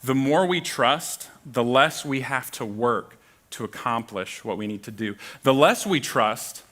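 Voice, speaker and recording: Bright-voiced young man preaching. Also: medium pitch, lively intonation, measured pace. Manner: self-deprecating, humorous storytelling. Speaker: guest preacher. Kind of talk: sermon with a personal story. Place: church auditorium.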